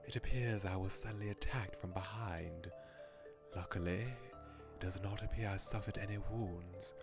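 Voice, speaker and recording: A man doing a low, formal butler. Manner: formal, low, measured, softly scolding. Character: formal, protective male butler, proper and fretting. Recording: game music behind.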